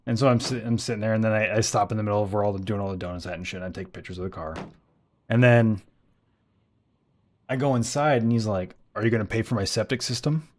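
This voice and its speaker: A man's voice: on the low side, quick pace, pauses often, darkish tone. A man streaming a game live, telling rambling stories with lots of swearing and frequent laughter. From United States. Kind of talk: casual live-stream storytelling.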